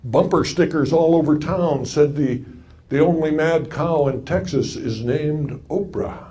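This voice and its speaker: A man's voice: a little high, unhurried, warm tone. An older man telling a courtroom story to a live audience in a folksy, wry way, landing punchlines and acting out quotes.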